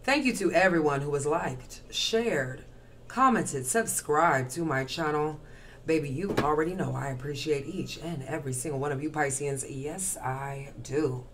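Low-voiced and measured, this woman reads tarot casually for the camera, with a faint hiss or hum in the background. Her delivery is brash, slangy and profane, built on rhythmic lists, and she smokes and chews ice as she goes.

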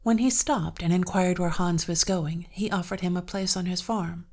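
Woman reading an old folktale, calm measured voice, on the low side. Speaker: storyteller. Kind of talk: scripted narration of a folktale.

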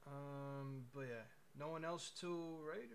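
A man's voice: on the high side, takes it slowly, a little hiss or hum. A man streaming live, chatting casually in a rambling, laid-back way and swearing freely. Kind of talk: casual livestream chat.

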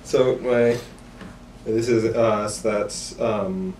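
Slow-talking man playing a tabletop game. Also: fairly low pitch, fairly even intonation, darkish tone, a little hiss or hum. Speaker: player. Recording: echoey room, far mic.

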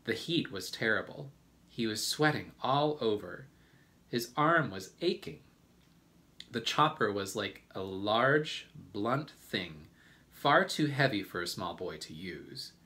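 A man reads a children's story aloud in a slow, gentle, deliberate way. His voice is bright and clear, with lively rises and falls that keep young listeners following along. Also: fairly low pitch.

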